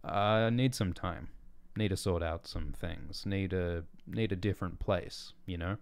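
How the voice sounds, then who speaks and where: A man's voice: deep voice, a little slow, smooth. A man voicing Erling, a weary and sleepless young man who speaks hesitantly. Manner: hesitant, tired.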